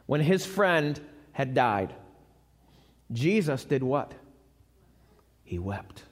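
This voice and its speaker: Preaching live in a church sanctuary, a man with a fairly high, animated voice speaks slowly and conversationally, posing questions to the congregation. Long hall reverb fills the recording.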